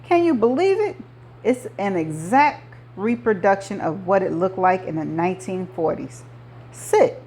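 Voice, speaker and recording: A woman's voice: mid-range voice, lively intonation, measured pace, darkish tone, slight background noise. A woman reading an audiobook, voicing an older male mob boss who talks like a movie gangster, menacing and jovial. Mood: boastful. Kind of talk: audiobook character voice.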